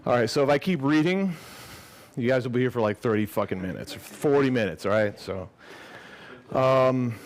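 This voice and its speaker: A man reading his own fiction aloud to a live audience at a gallery event, expressive, then chatting casually and swearing. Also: mid-range voice, normal speed. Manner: lively and expressive, casual and swearing when speaking off the page.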